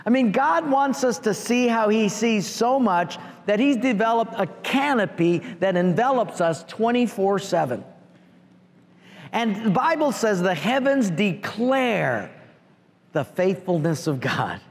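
Animated male pastor preaching in a reverberant hall. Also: high voice, unhurried. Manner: animated, acts out prayers and asides to the congregation. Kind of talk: sermon.

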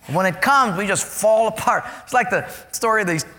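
A man preaching a sermon, animated and storytelling, acting out voices to make his points. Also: high-pitched, normal speed, long reverb tail. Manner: animated, acts out voices and stories.

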